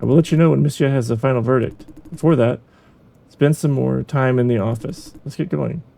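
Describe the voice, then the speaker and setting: A man voicing a calm, encouraging male supervisor in a game, speaking in a measured way. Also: mid-range voice, creaky, natural voice. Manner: measured, reassuring. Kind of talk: reading a game's dialogue aloud.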